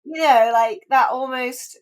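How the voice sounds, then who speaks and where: A woman's voice: sits high, measured pace. A woman in her forties, a podcast guest, telling her story in casual, chatty talk full of restarts and "like"s. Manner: chatty, emotional, many restarts and "like"s. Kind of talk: casual chat.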